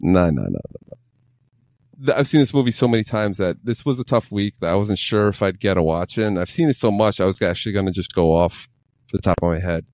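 A man's voice: on the low side, quick pace, a little mellow, dry recording, clean studio sound. A man co-hosting a podcast, chatting about a film in a playful, rambling way. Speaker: podcast co-host. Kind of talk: casual film chat. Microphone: desk microphone.

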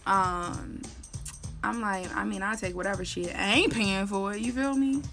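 A woman in her early twenties tells a story in a loose, slangy way. She breaks into laughs and loud shouts when she acts out what she said. Faint music plays underneath her voice. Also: medium pitch, fairly even intonation, normal speed. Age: 20s. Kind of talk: casual storytime.

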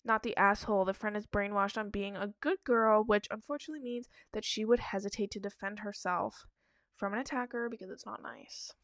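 A woman's voice: medium pitch, fairly quick, no room sound. A woman giving casual, blunt reaction commentary on advice-forum stories, emphatic and profane.

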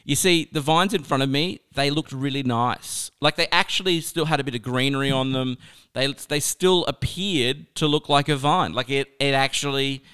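Smooth-voiced man telling a lively story. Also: mid-range voice, normal speed. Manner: chatty, animated, laughs through the story. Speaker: speaker sharing a life lesson. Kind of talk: personal storytelling.

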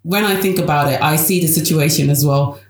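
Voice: mid-range voice, fairly quick. A speaker in a casual faith discussion, conversational and supportive, with an occasional light laugh. The voice sits mid-range. The room has an echoey ring.

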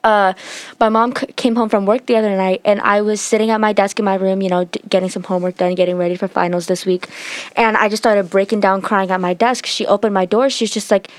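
A woman's voice: mid-range voice, level tone, quick pace, clear, resonant tone, dry recording. A teenage girl sharing an emotional personal story, talking with lots of fillers and sometimes close to tears. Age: teens. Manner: heartfelt, tearful at times, many fillers.

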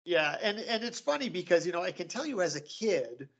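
A man's voice: high-pitched, sing-song, fairly quick, a bit bright, slightly rough, muffled recording. A man co-hosting a comic book podcast, talking in a loose, rambling way that is full of "you know" and "right?". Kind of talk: casual chat.

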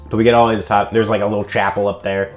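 A man's voice: fairly low pitch, level tone, very fast, soft background music. A young man telling a long, rambling story in casual chat, full of fillers and acted-out quotes. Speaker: storyteller guest.

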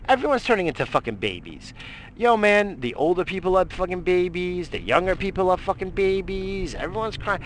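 A man's voice: high-pitched, very animated, a little fast, fairly bright tone, a little hiss or hum. Swearing, heated middle-aged man ranting. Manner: heated, swears constantly, rambling with restarts. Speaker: radio show host. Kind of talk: profane political rant.

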